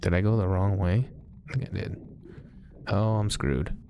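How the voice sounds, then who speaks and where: A man hosting a let's play, chatting casually and thinking aloud as he plays, often pausing with hesitations. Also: deep voice, steady tone, muffled recording, noisy background. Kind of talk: casual gameplay commentary.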